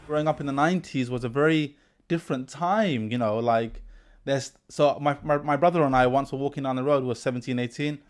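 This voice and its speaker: A man in his forties, a teacher hosting a podcast, tells animated anecdotes and acts out the people he quotes. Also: medium pitch, brisk. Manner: animated anecdotes, quoting people with lively voice shifts. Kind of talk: casual storytelling in an interview.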